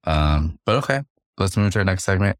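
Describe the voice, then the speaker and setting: A young man co-hosting a casual podcast, telling an animated story and jumping into a high voice whenever he quotes someone else. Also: fairly quick, very noisy. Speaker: podcast co-host. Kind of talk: casual chat. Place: a room at home.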